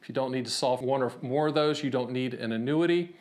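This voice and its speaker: A man's voice: mid-range voice, fast, a little mellow. A man from the United States hosting his own explainer video about annuities, talking in a brash, emphatic salesman style with punchy rhetorical questions and anecdotes. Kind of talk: direct-to-camera explainer with anecdotes.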